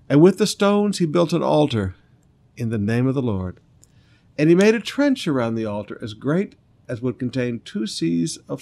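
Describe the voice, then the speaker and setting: A man with a medium-pitched voice preaches a sermon, reading scripture aloud and commenting on it. He swings from loud, emphatic lines to quiet, earnest asides.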